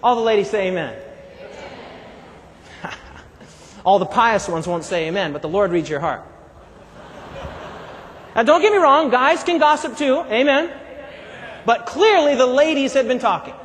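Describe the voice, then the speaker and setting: A man with a very high voice delivers an animated sermon and calls on the congregation to answer back. He is recorded in a large hall with a long, trailing reverb. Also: measured pace, long pauses, slight background noise. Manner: animated, call-and-response with congregation. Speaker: preacher. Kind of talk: live sermon.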